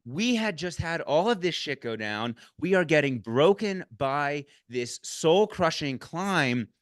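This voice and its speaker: Man, casual podcast chat, excitable, swearing, dry close sound. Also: slow, dry recording. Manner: excitable, swears, bursts up in pitch when excited. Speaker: podcast host recapping a race.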